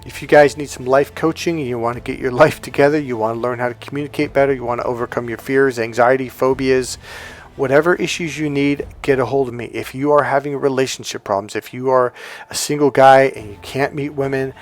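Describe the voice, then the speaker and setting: A man's voice: mid-range voice, steady tone, fairly quick. A man coaching on life and dating, telling a personal story in a chatty, repetitive way. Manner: conversational, repeats "he goes" while retelling dialogue. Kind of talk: motivational storytelling monologue.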